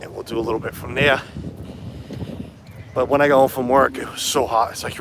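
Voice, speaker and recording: A man's voice: medium pitch, steady tone, a little fast, pauses often, background noise. A man, fighting a cold, chatting casually on a live stream outdoors and answering viewers' comments. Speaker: vlogger livestreaming. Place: outdoors on a hot town street.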